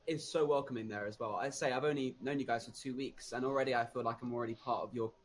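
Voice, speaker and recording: A man's voice: mid-range voice, fairly even intonation, fast. A man appearing as a guest on a casual podcast, talking in a friendly, enthusiastic way. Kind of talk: casual chat.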